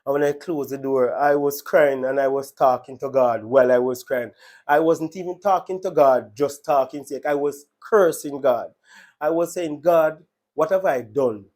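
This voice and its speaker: A man's voice: mid-range voice, moderate pace, darkish tone. A man with a Jamaican accent telling his personal faith testimony in an earnest, emotional way, often repeating his words. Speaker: testimony speaker.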